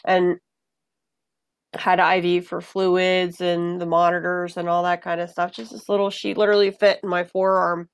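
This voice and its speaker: A woman guest in a casual conversation, telling personal stories in an animated way and acting out the voices of the people in them. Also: fairly low pitch, moderate pace, clean tone, no echo. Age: adult mother of a young child. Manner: animated, acts out voices in her anecdotes. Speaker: podcast guest.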